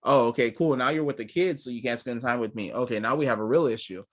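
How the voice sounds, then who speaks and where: Casting: young man, mid-pitched, casual co-host, blunt and profane, acts out quotes. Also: fast, fairly bright tone. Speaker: podcast co-host. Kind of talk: casual chat.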